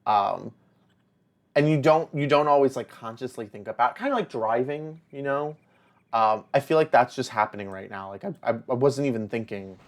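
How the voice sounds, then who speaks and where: This young man talks through his game in a loose, rambling way, drifting into stories and then turning to tease the little characters on screen. His pitch sits in the ordinary middle range for a man, and the whole thing feels like relaxed, unscripted commentary. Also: moderate pace. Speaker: let's play host. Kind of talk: casual gameplay commentary.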